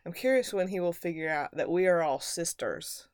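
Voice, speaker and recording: Low-voiced young woman in dry, close sound. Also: animated, normal speed, smooth, no room sound. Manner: easygoing, laughs along and chimes in. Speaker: podcast co-host, aunt. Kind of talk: casual chat.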